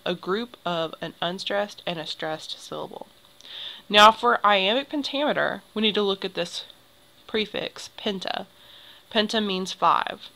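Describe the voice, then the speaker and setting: A woman's voice: medium pitch, pushed and bright, low-quality recording. A young woman teacher explaining poetry to a class, patient and step by step. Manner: explains patiently, draws symbols while talking.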